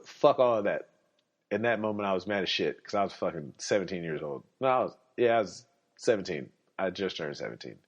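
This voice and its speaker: A young man with a very low voice rants bluntly in a casual podcast monologue, swearing often and dripping with sarcasm. The recording sounds dull and lo-fi. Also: expressive, brisk. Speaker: podcast host.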